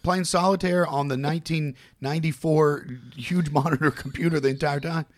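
Man telling a story with animated voices. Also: a little high, moderate pace, no room sound, clean studio sound. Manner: animated anecdote teller, mimics other people. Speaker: co-host. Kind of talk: casual storytelling chat.

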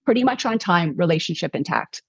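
A middle-aged woman, a guest author, telling a personal story in a conversational, animated way, acting out what people said. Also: on the low side, brisk, husky, no echo, highs cut off. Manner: animated, acts out quotes.

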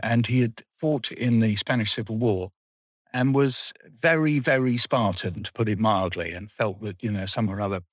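A man's voice: fairly low pitch, a bit bright, no echo. An older man, telling school memories in a rambling, dryly funny way. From England. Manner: rambling storyteller, dry humour. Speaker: guest. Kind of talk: reminiscing interview.

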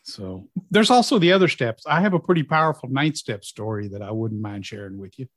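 A man's voice: mid-range voice, a little fast, no room sound. Middle-aged man telling a story, dry sound. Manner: lively storyteller, acting out quoted dialogue. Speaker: guest in recovery. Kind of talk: personal storytelling.

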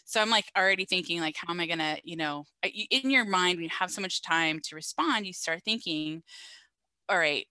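Lively woman telling a wild story. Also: on the low side, a little fast, dry recording, poor audio. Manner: animated, swears freely, laughs through the story. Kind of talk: casual storytelling chat.

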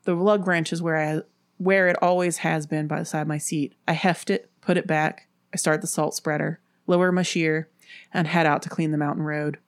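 A woman from Appalachia, host of the show, narrating a spooky story in a steady, measured way. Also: low-pitched, no echo, clean studio sound.

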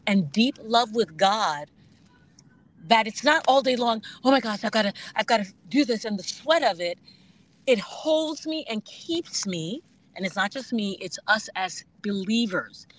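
A woman guest talking earnestly and reflectively about her faith, now and then bursting into animated bits, speaking from her car over a Bluetooth phone link. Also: medium pitch, slow pace, rough recording. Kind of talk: candid faith conversation. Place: driving in a car.

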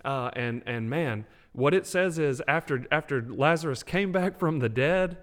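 A man co-hosting a faith podcast, talking with animated, preacher-like emphasis. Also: on the high side, unhurried. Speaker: podcast co-host.

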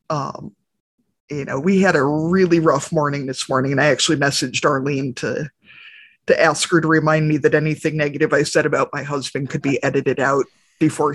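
A woman's voice: low-pitched, breathy edge, dry recording. A woman co-hosting a podcast, telling candid, chatty stories about family life. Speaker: podcast co-host. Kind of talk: casual podcast conversation.

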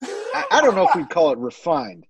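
A man in casual chat, telling stories in a wry, animated way. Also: sits high, normal speed, gravelly, heavy background noise.

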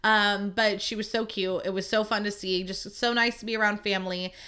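Bright-voiced chatty young woman podcaster. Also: medium pitch, brisk, clear, resonant tone. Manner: chatty, lively, peppered with "like" and swearing. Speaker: podcast host. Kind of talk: casual storytelling monologue.

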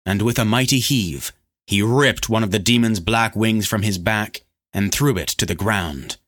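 Guy reading a fantasy audiobook, lowish voice, steady dramatic storytelling. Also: moderate pace. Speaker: narrator. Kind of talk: scripted audiobook narration.

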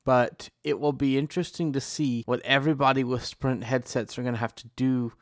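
A man's voice: medium pitch, steady tone, brisk, dry recording. Male podcast host, upbeat and conversational, dry close mic. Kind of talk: casual panel chat.

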